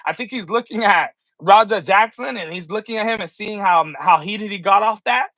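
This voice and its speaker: High, bright-voiced man ranting casually. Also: normal speed, dry recording. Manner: slangy, profane, talks straight to viewers; acts out scenes with props while talking. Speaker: vlogger. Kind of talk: casual commentary rant.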